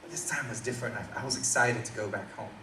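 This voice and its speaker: A young adult comedian with an Australian accent tells a story and interacts with the crowd in a small indoor coffee shop. His voice is lowish and steady in tone, and his pace is quick. Background noise, room ambience, and laughter come through the roomy, distant recording.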